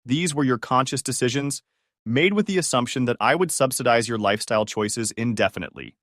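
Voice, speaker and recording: A man voicing a stern older grandfather who speaks in a measured, cutting, formal way, in a storybook reading. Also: mid-range voice, a bit bright, dry recording, studio quality, natural voice. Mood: accusing.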